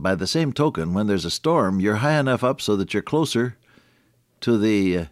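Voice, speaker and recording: An older man giving a folksy devotional radio sermon, talking straight to the listener and swinging between hushed lows and emphatic high points. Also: dry recording, studio quality. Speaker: radio preacher.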